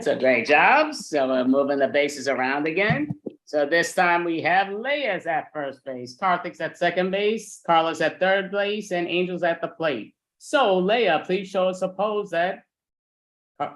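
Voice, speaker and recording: A brisk improv host calling on players. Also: mid-range voice, animated, fairly bright tone. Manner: brisk, directs players by name. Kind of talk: online improv game hosting.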